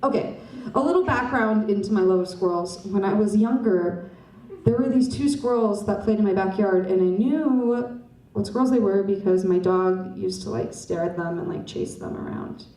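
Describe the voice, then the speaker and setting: A woman's voice: mid-range voice, expressive, moderate pace, dark tone. A young woman doing stand-up comedy on a club stage, rambling and self-mocking as she chats with the audience. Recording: roomy club sound from a distance.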